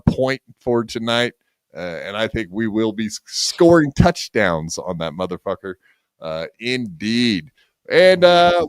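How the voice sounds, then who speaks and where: A man's voice: mid-range voice, clear, resonant tone, no echo. A man hosting a podcast, trading sarcastic, profane jabs with his co-host in casual banter.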